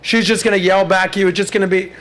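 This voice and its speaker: A man in his thirties hosts a loose podcast conversation, telling stories with lots of energy. His voice sits a little high for a man, and he breaks into shrill mocking impressions when quoting others. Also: little pitch movement, fast talker, a bit bright. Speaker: podcast host. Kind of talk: casual chat.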